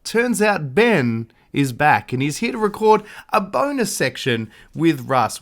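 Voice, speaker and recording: A man who edits the podcast, delivering a playful, mock-hushed segue in a wry tone. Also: medium pitch. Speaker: podcast host and editor.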